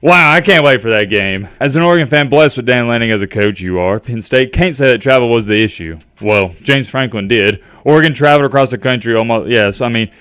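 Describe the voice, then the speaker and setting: A man's voice: mid-range voice, brisk, few pauses, a bit bright, smooth, no room sound, clean studio sound. A man streaming sports commentary, ranting emphatically with sarcastic asides while reading out fan comments. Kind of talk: casual rant over fan comments.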